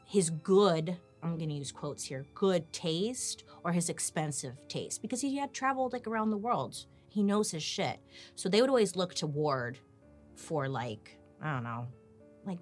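Animated sarcastic woman host. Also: on the low side. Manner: sarcastic, animated, swears freely. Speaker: podcast host. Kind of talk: casual storytelling chat.

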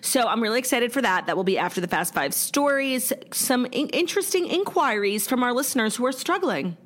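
A woman's voice: on the high side, expressive, fairly quick. A young woman co-hosting a podcast in casual chat, talking loosely with lots of fillers and some swearing, while getting over a stomach illness. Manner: chatty, many fillers, swears freely. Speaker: podcast co-host.

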